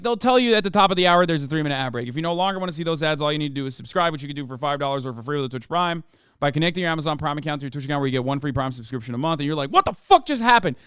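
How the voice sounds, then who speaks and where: A man in his thirties streaming, reacting to a video in casual, profane, animated commentary. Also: fairly high pitch, smooth, dry recording, studio quality. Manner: profane, animated, repeats "okay?" often.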